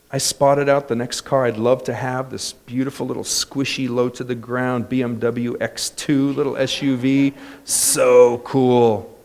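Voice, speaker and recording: A man preaching a sermon as a pastor, telling stories and building to loud exclamations. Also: medium pitch, creaky. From United States.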